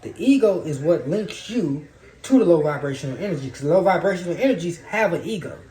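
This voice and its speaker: A man's voice: a little high, expressive, quick pace, mellow. A man giving a loose, profane, preachy spiritual monologue in casual talk. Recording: roomy echo.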